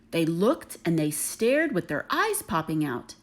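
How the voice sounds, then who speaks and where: A woman reading a rhyming children's picture book aloud, expressive and rhythmic. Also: on the low side, unhurried. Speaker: reader.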